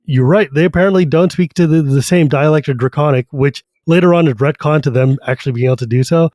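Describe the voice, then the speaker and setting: Animated man chatting about a fantasy book. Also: a little high, dry recording. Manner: animated, retells the story with quick character voices. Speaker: podcast co-host. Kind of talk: casual book discussion.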